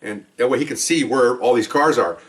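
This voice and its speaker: Speaking fairly quickly in a mid-range voice from a distant mic, a male police officer casually recounts work stories, emphatic throughout and repeatedly adding "okay?" to his points.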